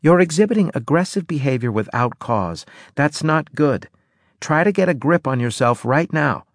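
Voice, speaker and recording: A firm, patient woman doctor, played by a male narrator in a raised voice. She speaks with steady authority, and the recording is close and dry. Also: a little high, normal speed, no echo, voice pushed up. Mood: stern.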